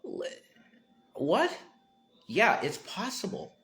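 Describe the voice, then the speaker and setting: A man's voice: high voice, huge pitch swings, takes it slowly, a bit bright, soft background music. A man talking to viewers on his livestream in a rambling, tangent-prone way, breaking into emphatic outbursts.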